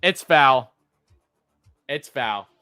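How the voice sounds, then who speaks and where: A man doing live play-by-play fan commentary, chatting with his viewers and swinging between calm pitch calls and loud outbursts. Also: extremely slow, clear, resonant tone, no room sound, clean studio sound, soft background music.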